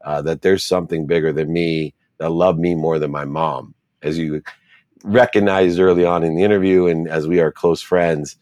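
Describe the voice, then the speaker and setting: A man's voice: sits low, steady tone, normal speed, a little mellow, no echo. A middle-aged man, an interview guest, telling his life story in an earnest, reflective way and stacking repeated phrases.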